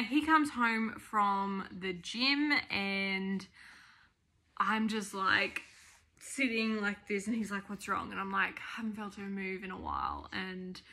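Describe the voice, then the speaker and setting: A young Australian woman tells a personal story to camera in a loose, chatty vlog style. Her voice is bright and forward, and she rambles from one aside to the next. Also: mid-range voice. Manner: chatty and rambling, often breaks off to talk to her baby and dogs. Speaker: vlogger.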